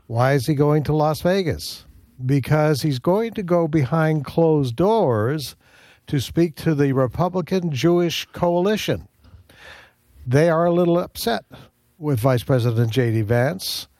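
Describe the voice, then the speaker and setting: A man presenting a news segment on talk radio, with brisk, storytelling delivery. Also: on the high side, expressive, darkish tone, no room sound.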